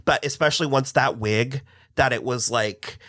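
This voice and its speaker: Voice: medium pitch, normal speed, fairly bright tone, dry recording, clean studio sound. A co-host in a casual reaction chat, talking enthusiastically and sometimes groping for words.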